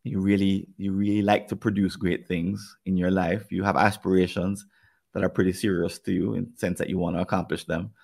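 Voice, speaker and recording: Low-pitched and gravelly with a darkish tone, this man's flat delivery carries a Jamaican accent. He talks things through thoughtfully in a podcast conversation, often restarting his sentences in halting fashion.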